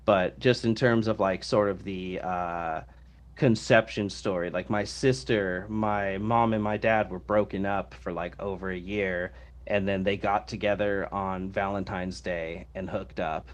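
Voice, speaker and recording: A man co-hosting a podcast, talking in a relaxed, rambling way with lots of fillers. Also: sits low, unhurried. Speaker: podcast co-host. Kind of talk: casual podcast discussion.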